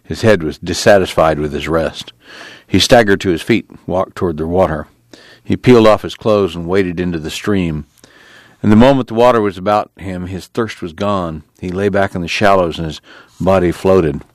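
A man narrating an audiobook in a measured, steady storytelling manner. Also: sits low, dry recording.

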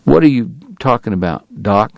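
A man's voice: on the low side, animated, moderate pace, gravelly, a little mellow, no echo. A man voicing a tired, plain-spoken frontier lawman who talks bluntly and briefly. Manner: blunt and short, wary.

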